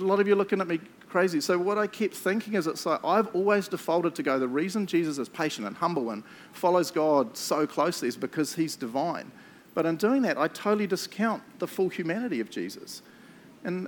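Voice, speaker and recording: A man's voice: on the high side, slight background noise. A middle-aged man giving a sermon as pastor, casual and chatty, often checking in with tag questions.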